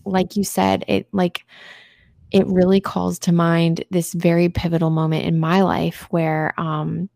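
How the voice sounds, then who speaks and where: Gravelly-voiced woman podcaster. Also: fairly low pitch, level tone, a little slow, darkish tone, no room sound, studio quality. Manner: earnest storytelling, reads prayer text aloud. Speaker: podcast co-host. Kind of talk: casual faith chat.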